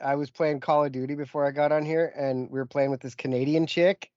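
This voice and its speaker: A man co-hosting a podcast, telling animated stories in casual chat and laughing often. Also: on the high side, brisk, no echo. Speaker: podcast co-host. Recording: dull dry podcast audio.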